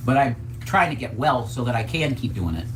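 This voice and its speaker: A man's voice: medium pitch, big pitch swings, fairly quick, background noise. A man in a heated argument, curt and dismissive, swearing.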